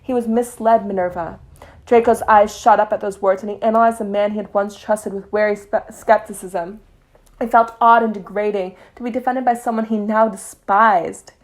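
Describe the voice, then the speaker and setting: A young woman casually reading a story aloud in soft, quiet narration, with occasional slips. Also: medium pitch, fairly even intonation, normal speed. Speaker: fanfiction reader.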